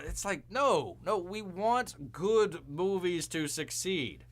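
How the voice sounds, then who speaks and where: A man's voice: high-pitched, expressive, slow pace, a bit bright. A man hosting a live show, rambling through casual commentary and calling himself Bear with jokey, mock-outraged asides.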